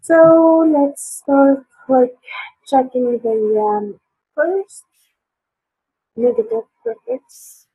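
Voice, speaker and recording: Woman teacher w a sore croaky voice, talks slow, lots of ums, sounds like a phone line. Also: sits high, animated, dry recording. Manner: hesitant, many fillers and restarts. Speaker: English teacher. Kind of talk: online English lesson.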